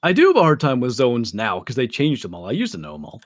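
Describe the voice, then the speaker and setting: A man's voice: mid-range voice, huge pitch swings, fast, no echo. Man with dry teasing asides. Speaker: guest streamer. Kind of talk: casual chat while gaming.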